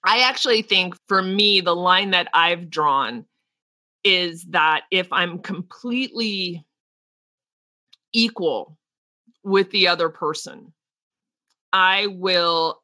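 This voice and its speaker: A woman's voice: lowish voice, slow pace, pauses often, dry recording. A woman in her forties with a New Jersey accent, a teacher talking casually and thinking aloud. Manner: animated, thinks aloud with restarts. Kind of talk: casual discussion.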